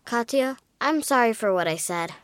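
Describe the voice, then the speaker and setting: Woman doing a bouncy, high, teasing little girl. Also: animated, normal speed, no room sound, studio quality, close to an everyday voice. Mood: eager. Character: cheeky young girl, teasing friend. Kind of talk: audio storybook acting.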